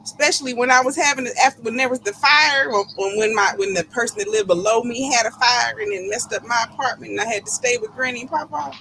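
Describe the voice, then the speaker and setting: A woman telling her own story in casual chat, with run-on, quick-moving sentences. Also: on the high side, creaky, pushed and bright, a little hiss or hum, poor audio.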